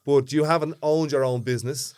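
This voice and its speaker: A man's voice: fairly high pitch, fairly even intonation, fairly quick, a little mellow, clean tone, dry recording, clean studio sound. A man with a thick Dublin accent, co-hosting a podcast in easygoing chat, thoughtful and given to restarting his words. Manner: chatty, thoughtful, repeats words when starting. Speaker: podcast co-host. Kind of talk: casual chat.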